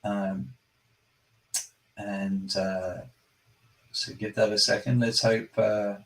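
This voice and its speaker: A man's voice: on the low side, little pitch movement, slow pace, vocal fry, far from the mic. A man hosting a live product demo. He talks enthusiastically and rambles, often breaking off and correcting himself. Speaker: product presenter and company host.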